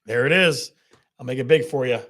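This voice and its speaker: A man's voice: mid-range voice, fairly quick, a bit bright. A man hosting a live quiz with game-show countdowns, laughing often at his own jokes. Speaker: host.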